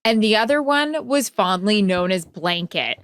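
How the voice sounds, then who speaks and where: A woman's voice: mid-range voice, lively intonation, a little slow, fairly bright tone, clear, resonant tone. A woman co-hosting a podcast, chatting playfully and nostalgically. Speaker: podcast co-host. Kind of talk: casual chat.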